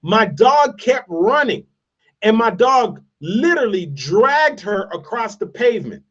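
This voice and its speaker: A man's voice: high-pitched, sing-song, measured pace, fairly bright tone. A man giving a motivational speech, telling a story with emphatic repetition. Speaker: motivational speaker. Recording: distant, dull lo-fi sound.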